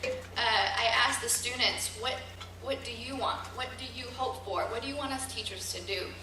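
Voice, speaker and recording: Female teacher speech, earnest and halting, distant mic, roomy hall. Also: fairly high pitch, background noise. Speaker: teacher speaking at a gathering. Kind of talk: emotional speech to an audience. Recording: echoey hall recorded from far.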